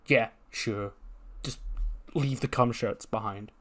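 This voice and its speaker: A man's voice: mid-range voice, slow, a bit bright. A man voicing an exasperated, scolding male wrestler who can't believe his teammate. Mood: dry. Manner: incredulous, scolding.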